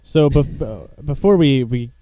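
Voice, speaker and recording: A man's voice: medium pitch, animated, measured pace, a crowd in the background. A young man hosting a casual podcast chat, rambling through topics and laughing often. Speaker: show host.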